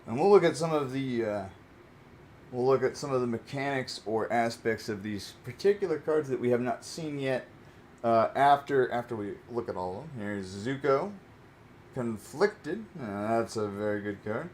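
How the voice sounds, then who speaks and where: A man's voice: mid-range voice, lively intonation, moderate pace, darkish tone, a little hiss or hum. A man hosting his own channel, chatting casually as he opens trading card packs and repeats his reactions. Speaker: channel host. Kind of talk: casual card-opening chat.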